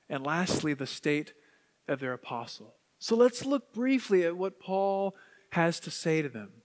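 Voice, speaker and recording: A man, a priest, preaching a sermon with animated swings from hushed to exuberant. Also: fairly high pitch. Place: church sanctuary. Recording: long church reverb.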